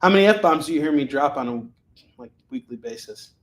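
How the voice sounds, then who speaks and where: A man hosting a live comic sales show, calling prices and boasting jokingly about his pitches. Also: animated, echoey room. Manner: boastful, joking, rapid item calls.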